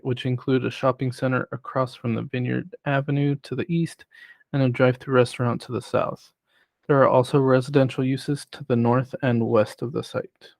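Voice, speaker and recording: A man on city planning staff who presents a formal report in a measured way, reading prepared remarks. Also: medium pitch, vocal fry, dry recording. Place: city council chamber.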